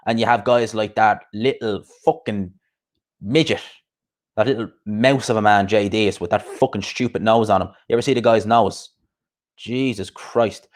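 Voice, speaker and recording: A man with a fairly low voice hosts a casual live stream about boxing. He rants bluntly, swears freely and keeps asking rhetorical questions. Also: fairly even intonation, normal speed. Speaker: boxing podcast host.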